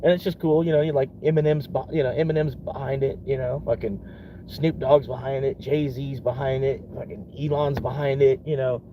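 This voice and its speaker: A man's voice: medium pitch, steady tone, moderate pace, highs cut off, noisy background. A young man from Florida in a casual rambling vlog, swearing often and laughing between thoughts. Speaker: vlogger.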